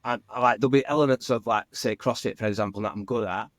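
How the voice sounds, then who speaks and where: A man's voice: fairly low pitch, quick pace, dry recording, clean studio sound. A young man, a firefighter guest on a podcast, talking candidly in a casual way, full of fillers and "mate". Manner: chatty, many fillers, says "mate" often.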